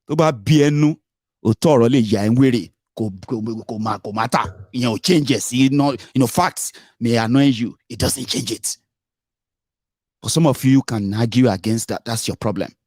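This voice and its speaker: A man's voice: mid-range voice, darkish tone, no echo, clean studio sound. A Nigerian man with a Nigerian accent, mixing in Pidgin and Yoruba, giving an emphatic, mocking political monologue full of rhetorical questions. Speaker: political commentator.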